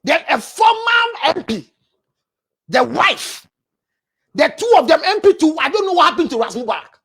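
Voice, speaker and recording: A woman with a Ghanaian accent, a counselor preaching relationship advice, forceful and scolding, often raising her voice. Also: high voice, sing-song, moderate pace.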